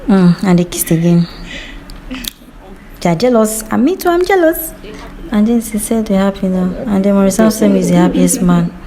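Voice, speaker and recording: A woman's voice: mid-range voice, steady tone, moderate pace, warm tone. A woman casually retelling a movie's scenes, chatty and quoting the characters' lines as she goes. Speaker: movie recap narrator.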